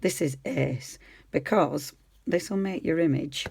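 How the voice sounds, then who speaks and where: A woman's voice: low-pitched, a little slow, creaky, a little mellow, a little hiss or hum. A woman giving a chatty, enthusiastic craft tutorial, talking her viewers through each step as she works. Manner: chatty, enthusiastic, talks while working. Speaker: craft demonstrator.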